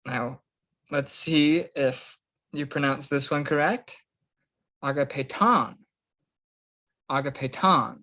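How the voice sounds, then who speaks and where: A young man teaching a recorded practice lesson, casual and unhurried, sounding out each word slowly and carefully. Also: on the high side, steady tone, fairly bright tone. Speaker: Greek instructor.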